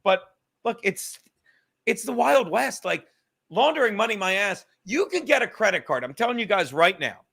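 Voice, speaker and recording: High, bright-voiced man ranting profanely. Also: normal speed, gravelly. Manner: profane, rambling, animated. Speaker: livestream host. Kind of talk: casual livestream rant.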